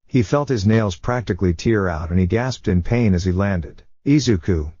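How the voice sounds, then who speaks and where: A man narrating a fiction story in a steady storytelling manner. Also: on the low side, normal speed, no echo. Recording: dull dry lo-fi recording.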